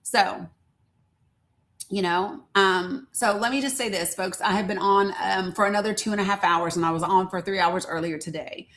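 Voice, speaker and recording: A woman's voice: mid-range voice, moderate pace, a bit bright. Woman host, older, candid live-stream chat, outspoken and folksy. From rural American South. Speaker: livestream host.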